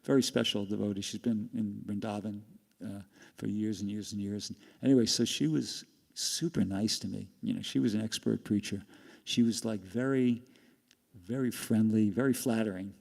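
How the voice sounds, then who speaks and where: A man's voice: on the low side, steady tone, normal speed, gravelly, darkish tone. An older man giving a class, telling a rambling personal story with laughs along the way. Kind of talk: storytelling talk. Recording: long hall reverb.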